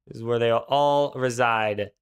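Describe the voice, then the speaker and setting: A man's voice: medium pitch, measured pace, clear, resonant tone. A young man streaming a video game, chatting casually in a laid-back, slangy way and answering his chat as he plays. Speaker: gaming streamer. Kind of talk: casual live-stream commentary.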